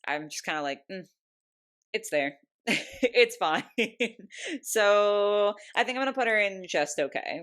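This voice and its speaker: A young woman vlogging about her doll collection in an excited, chatty way, full of fillers and little laughs. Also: lowish voice. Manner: gushing, chatty, lots of "like" and laughs. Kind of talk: casual ranking vlog.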